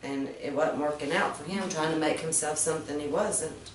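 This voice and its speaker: A woman reading fables aloud to children, gently explaining each moral with questions to her listeners. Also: sits low, moderate pace, slight background noise. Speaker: storyteller. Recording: roomy, distant mic.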